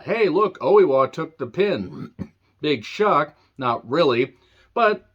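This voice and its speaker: A man's voice: medium pitch, muffled recording. A man hosting a casual wrestling recap, ranting and swearing, now and then talking to his pet. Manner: ranting, profane, talks to his pet off-camera.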